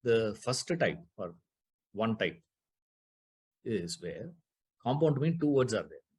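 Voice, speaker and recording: A man's voice: fairly low pitch, very animated, takes it slowly, a little mellow, slightly rough. A man teaching a scripture class, explaining Sanskrit grammar, repeating key terms and putting rhetorical questions to his listeners.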